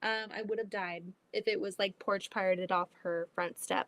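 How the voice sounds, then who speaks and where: A woman hosting a casual livestream while she sews, chatty and animated, often breaking into exclamations. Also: medium pitch, normal speed, few pauses, background noise. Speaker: livestream host. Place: home sewing room.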